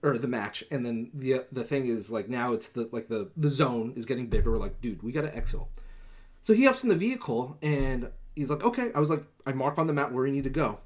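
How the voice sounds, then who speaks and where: A man's voice: mid-range voice, lively intonation, a little fast. A young man hosting a podcast, telling a long rambling gaming story in casual chat, full of fillers and swearing, acting out quoted lines in a livelier voice. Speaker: podcast host.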